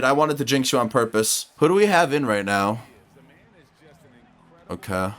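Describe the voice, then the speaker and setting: A young man commenting on his own basketball video game, talking to the players on screen and shouting when the plays go his way. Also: mid-range voice, lively intonation, normal speed. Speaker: gaming YouTuber.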